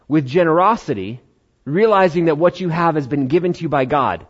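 Conversational American pastor, slightly muffled. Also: male voice, fairly high pitch, animated. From United States. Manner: conversational preaching with quick quoted asides. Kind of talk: sermon.

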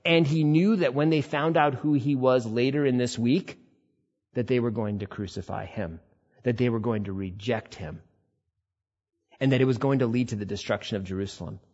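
A man preaching a sermon, swinging between loud emphatic passages and quiet, low reflection. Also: moderate pace, lo-fi sound. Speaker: pastor.

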